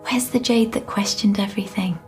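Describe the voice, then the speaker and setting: An actress plays a gentle, affectionate mum, soft and wistful in a drama scene. Loud music runs beneath her voice. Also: mid-range voice, fairly even intonation, brisk, whispered, lightly acted. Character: affectionate middle-aged mother.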